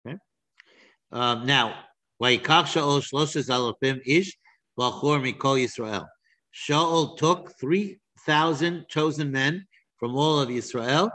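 A man leads an informal study class. He reads verses aloud, then explains them in a halting way, full of restarts and fillers, in an ordinary mid-range voice. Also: mid-range voice, sharp tone. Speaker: Torah teacher.

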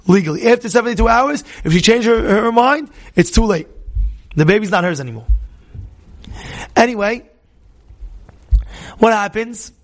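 A man's voice: high-pitched, expressive, moderate pace, pauses often. A man teaching a religious class, telling a story conversationally, repeating himself and quizzing his listeners.

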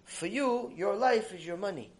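A man's voice: high-pitched, lively intonation, moderate pace, pitched above the performer's own voice. A man doing a cool, sly rabbi's wife. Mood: explaining. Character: calm, sly rabbi's wife, middle-aged woman.

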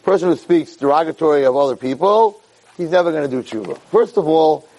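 Delivering a Torah lesson a bit quickly, this lively storyteller peppers his speech with Hebrew words and climbs high in pitch to stress points. The recording is rough.

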